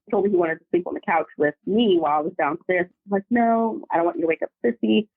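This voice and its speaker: Brief: animated woman caller telling a story down a thin, tinny phone line. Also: fairly low pitch, fast, no echo. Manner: animated, vivid retelling. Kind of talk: casual storytelling. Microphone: phone call.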